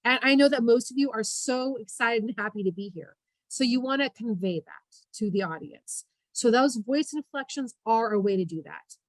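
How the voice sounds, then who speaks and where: A woman giving an online workshop on public speaking. She talks in an energetic, emphatic coaching tone over a video call. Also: on the high side, normal speed, dry recording, rough recording.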